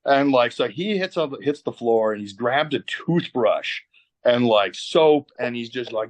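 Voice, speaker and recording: Mid-pitched man, frank storyteller, swears freely. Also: animated, unhurried. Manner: candid, profane, lots of fillers. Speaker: tattoo artist guest. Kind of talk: casual storytelling.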